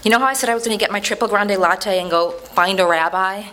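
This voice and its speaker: Woman, dramatic letter reading, animated, conversational, bright, sharp voice. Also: medium pitch, fast talker, slight background noise.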